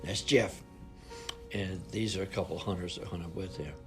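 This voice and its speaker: A man's voice: low voice, fairly even intonation, normal speed, fairly bright tone, soft background music. A man in his eighties recounting old family photos in a folksy, rambling way, with colloquial grammar. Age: 80s. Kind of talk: informal storytelling.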